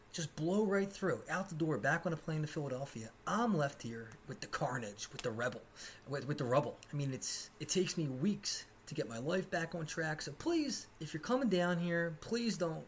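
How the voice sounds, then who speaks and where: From his apartment, a man in his twenties hosts a podcast, delivering a solo comedic rant about his life that is sarcastic and full of profanity. His voice is on the high side, and the recording carries a little hiss or hum.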